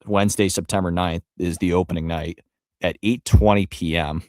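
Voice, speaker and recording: A man's voice: low-pitched, fairly even intonation, normal speed, darkish tone, no room sound, studio quality. A man co-hosting a sports podcast, rambling casually with frequent fillers and the odd curse. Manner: rambling, profane, trails off with fillers. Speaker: podcast co-host.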